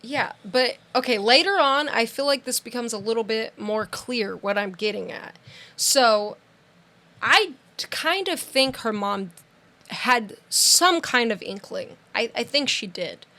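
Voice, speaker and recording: A woman's voice: on the high side, measured pace. A young woman co-hosting a podcast, retelling a true-crime case in casual chat with lots of "like"s and acted-out quotes. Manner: animated storytelling, many "like"s and quoted voices. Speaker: podcast co-host.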